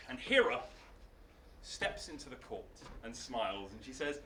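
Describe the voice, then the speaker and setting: A man telling a myth on stage in a playful, animated live storytelling style. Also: mid-range voice, normal speed, long pauses, far from the mic, slight background noise. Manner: animated, playful, laughing asides. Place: arts centre stage, live show. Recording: roomy hall, mic from afar.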